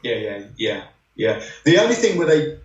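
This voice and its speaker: A man's voice: medium pitch, very animated, moderate pace, dull audio. Chatty man, distant and roomy. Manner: rambling storyteller, many "you know"s. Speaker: guest, former racing driver. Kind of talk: anecdotal podcast interview. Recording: roomy sound, distant from the mic.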